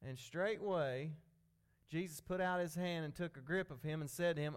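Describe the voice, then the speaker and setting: Folksy preacher, high clear voice. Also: male voice, normal speed. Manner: folksy, conversational, repeats himself. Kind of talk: informal sermon.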